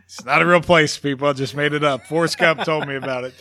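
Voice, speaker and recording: Bright, animated male sports podcast host. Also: fairly high pitch, fast talker. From West Virginia. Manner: animated, ranting, theatrical emphasis. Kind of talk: casual sports talk.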